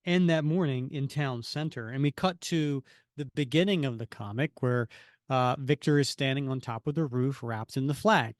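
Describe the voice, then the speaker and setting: A man co-hosting a podcast, giving a rambling, animated recap of a comic with lots of fillers. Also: mid-range voice, moderate pace, no room sound, clean studio sound. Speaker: podcast co-host. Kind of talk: casual comic-book chat.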